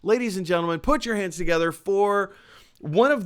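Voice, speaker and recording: Excitable male host, high and smooth voice, chatty and animated. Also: normal speed. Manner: excitable, storytelling. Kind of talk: casual chat. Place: apartment.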